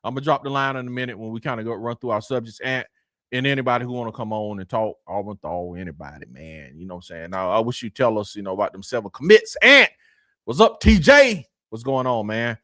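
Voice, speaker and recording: A man hosting a casual sports talk show, animated and teasing, often asking "you know what I'm saying.". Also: medium pitch, fast talker, dry recording, studio quality. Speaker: podcast host.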